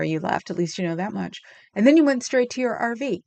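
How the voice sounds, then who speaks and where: A woman's voice: fairly low pitch, brisk, a little mellow, muffled recording. Chatty sarcastic woman livestreamer. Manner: chatty, sarcastic, full of ums, reads out chat comments. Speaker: livestream host. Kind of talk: casual commentary chat.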